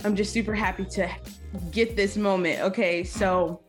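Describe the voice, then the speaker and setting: A woman hosting a casual interview over a video call, gushing and excitable, circling back to how nervous she feels. She talks through a computer mic, and faint music plays underneath. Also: medium pitch, normal speed. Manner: bubbly, repeats herself, keeps saying she is nervous. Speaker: podcast host.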